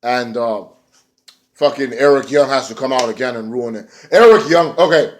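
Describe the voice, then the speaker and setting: A man's voice: mid-range voice, normal speed. A man giving a casual, rambling recap of a wrestling show, with swearing and many fillers.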